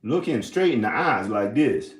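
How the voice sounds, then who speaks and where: A man's voice: fairly low pitch, very animated, normal speed. A man talking to his camera in a loose, rambling monologue, drifting between thoughts and often breaking into giggles. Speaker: video maker. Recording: echoey room.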